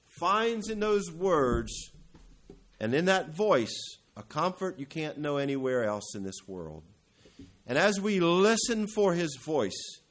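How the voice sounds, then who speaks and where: In this sermon, a male pastor climbs to loud, emphatic high points and then sinks into quiet, low passages, correcting himself along the way and clearing his throat now and then.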